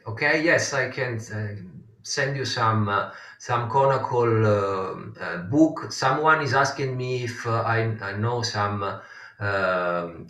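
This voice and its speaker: A man leads a live konnakol rhythm lesson, counting beats aloud in a slow, unhurried way. His voice has a bright edge and sits a little away from the mic in a roomy space. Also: lowish voice. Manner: counting beats aloud, patient explaining with frequent fillers. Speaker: konnakol workshop teacher. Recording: roomy distant mic sound.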